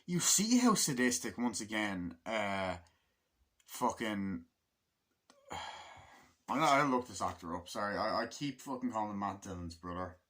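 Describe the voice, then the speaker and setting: A man's voice: on the low side, very animated, normal speed, pauses often, fairly bright tone. A man giving a casual film review in a rambling way, with lots of fillers, swearing and laughter. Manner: rambling, full of fillers and profanity, laughs often.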